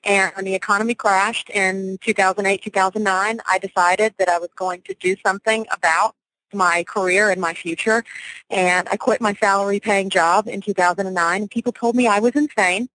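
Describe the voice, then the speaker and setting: A woman's voice: medium pitch, steady tone, moderate pace, a bit bright, no room sound, rough recording. A woman in her forties from Louisiana, a real estate broker, talking confidently and energetically as a guest in a radio interview.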